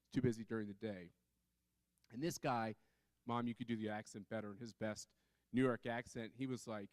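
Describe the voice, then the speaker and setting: A man's voice: fairly low pitch, fairly even intonation, brisk, pauses often, clean tone, dry recording. A man on a conference panel telling a story in a chatty way, full of fillers and restarts. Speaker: panel speaker.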